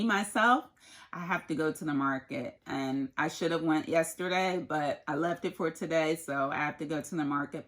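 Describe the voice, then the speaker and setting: A woman, a mother, talking through her favorite things in an earnest, casual faith and lifestyle vlog. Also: low voice. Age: adult, mother of a son. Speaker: lifestyle vlogger.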